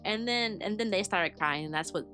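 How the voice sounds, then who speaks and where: A young woman telling a story in a casual, chatty way, animated and full of "like" fillers. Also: medium pitch, normal speed, faint music behind. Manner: chatty, animated, heavy use of "like". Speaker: VTuber and kindergarten teacher.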